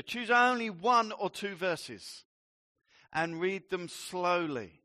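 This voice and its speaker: A male pastor delivering a sermon in a bright, forceful voice. He moves slowly and leans on each word with emphasis, and drops in playful asides. His voice sits a little high for a man. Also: dry recording, clean studio sound.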